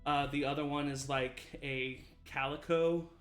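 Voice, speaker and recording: A man's voice: fairly high pitch, fairly even intonation, measured pace, fairly bright tone. A man narrating as game master in a tabletop game, rambling with many fillers. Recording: echoey room with music behind.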